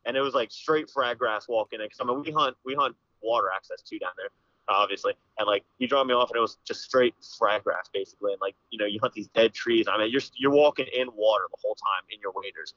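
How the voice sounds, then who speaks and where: A young man from Pennsylvania talks quickly in a bright, forward voice, rambling through his story with constant "dude" and "like." The sound is dry and close. The audio is a bit dull and lo-fi. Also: lowish voice, dry recording. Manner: rambling, full of "dude" and "like" fillers. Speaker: podcast guest, hunter. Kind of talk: casual storytelling. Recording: slightly dull, lo-fi podcast audio.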